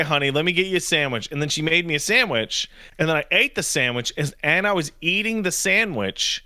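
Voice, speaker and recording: A man co-hosting a podcast, casually telling animated stories and throwing joking insults. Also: mid-range voice, no echo, clean studio sound. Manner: animated storytelling, jokey insults. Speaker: podcast co-host. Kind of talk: casual chat.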